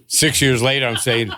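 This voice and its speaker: A man's voice: medium pitch, sharp tone, a little hiss or hum. An older man, a father on a podcast, telling family stories casually and laughing through them.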